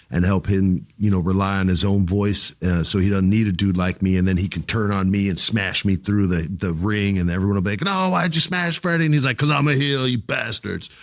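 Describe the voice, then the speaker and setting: Laughing, slangy low-voiced male host. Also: no room sound, studio quality. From Puerto Rico. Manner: enthusiastic, laughs often, slangy. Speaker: podcast host. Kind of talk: casual chat.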